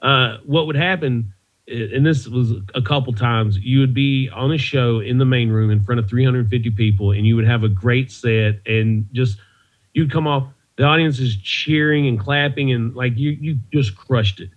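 A man's voice: mid-range voice, normal speed. Rambling male comedian, dull audio. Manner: rambling, laughs often, frequent restarts. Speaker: comedian and former comedy club door guy. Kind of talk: casual storytelling interview.

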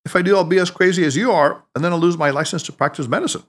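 A man's voice: on the high side, rapid-fire, natural voice. A man reading the lines of a skeptical male doctor in an audiobook, doubtful and defensive.

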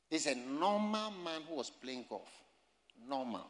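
A man's voice: sits high, very animated, normal speed. A man preaching a sermon, emphatic and repetitive as he tells stories. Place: campus gathering. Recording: echoey hall reverb.

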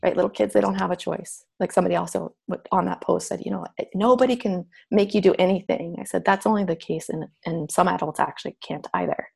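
A woman's voice: fairly low pitch, fast talker, creaky, few pauses, a little mellow, breathy edge. A middle-aged woman telling a personal story candidly and reflectively as a podcast guest, acting out remembered voices.

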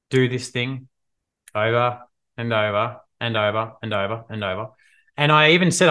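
Aussie guy pumping people up on a live vid, lively, acts stuff out, mid pitch. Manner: energetic, animated, acts out scenes. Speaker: business coach. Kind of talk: motivational live video talk.

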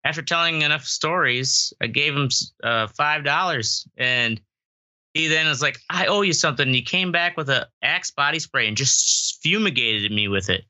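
A man's voice: mid-range voice, normal speed, bright, forceful tone, no room sound. A man co-hosting a podcast who tells a story in a laid-back way and chuckles now and then. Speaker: podcast co-host. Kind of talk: casual chat.

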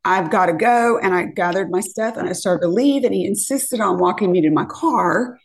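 A woman in her fifties chats her way through a story, voice of middling pitch. She is animated and acts out each quote, her pitch leaping up for the punchlines. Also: normal speed, vocal fry. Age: 50s. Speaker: podcast guest. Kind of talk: casual storytelling.

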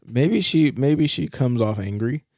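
A man's voice: mid-range voice, expressive, a little slow, darkish tone, no room sound, clean studio sound. A man co-hosting a podcast in casual chat, leading the session and reading out script lines. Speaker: podcast co-host.

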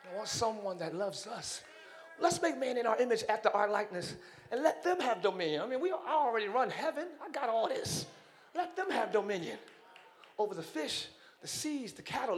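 A man voicing God as a relaxed, playful male creator who talks casually and repeats himself as he muses. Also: extremely high pitch, a little hiss or hum. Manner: casual, chatty, hesitant repeats.

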